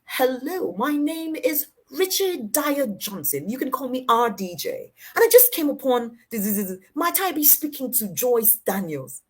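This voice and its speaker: A woman imitating an older male mentor who talks slowly in formal, old-fashioned phrases. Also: high-pitched, very animated, husky, voice pushed up, heavily acted. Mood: courtly.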